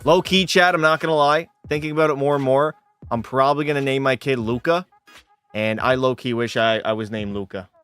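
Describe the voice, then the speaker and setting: A man's voice: medium pitch, steady tone, fairly quick, fairly bright tone, clean tone, soft background music. Young male streamer, swearing at his game. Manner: casual, swearing, frustrated outbursts. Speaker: gaming streamer. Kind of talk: live game commentary with chat.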